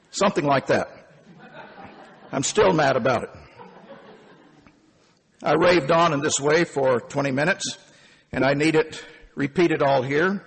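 A man in his fifties telling a first-person story, animated and emphatic. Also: on the high side, measured pace, gravelly, pauses often, husky, in a large hall. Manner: animated and emphatic, with punchy phrasing.

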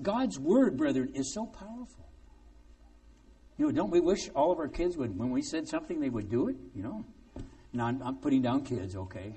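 Man, sermon, animated chatty delivery, wide pitch swings, distant from the mic. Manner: animated, conversational, sarcastic asides. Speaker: preacher.

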